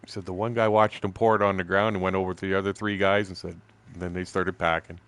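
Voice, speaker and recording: A man's voice: sits low, little pitch movement, quick pace, fairly bright tone, dry recording. A man in his sixties from southern Ontario with a Canadian accent, chatting loosely and profanely while streaming a fishing game, laughing often. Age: 60s. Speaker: gaming streamer. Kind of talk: casual storytelling while gaming.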